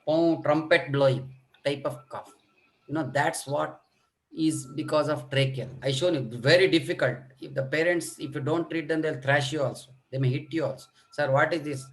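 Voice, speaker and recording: A man's voice: fairly high pitch, fairly even intonation, normal speed. A middle-aged man lecturing on children's coughs in an online medical workshop, demonstrating coughs and talking with many fillers. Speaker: pediatric lecturer.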